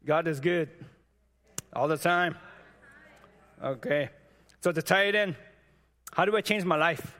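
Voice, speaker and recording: A man preaching and sharing a testimony, talking in a halting way with many restarts and repeated words, and earnestly urging his listeners on. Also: a little high, pushed and bright. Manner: earnest and exhortative. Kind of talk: sermon with personal testimony. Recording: long reverb, as in a hall.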